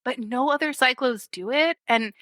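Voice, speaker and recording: A woman co-hosting a comedy podcast, recapping a movie in a casual, animated way and laughing often. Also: high-pitched, moderate pace, dry recording, studio quality. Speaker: podcast co-host.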